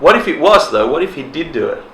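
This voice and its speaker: A man teaching a relaxed class, talking casually, laughing often and acting out people's reactions. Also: fairly high pitch, fast. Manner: animated, laughs often, acts out quoted reactions. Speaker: dharma teacher. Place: indoor class room. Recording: roomy echo, faint ambient noise.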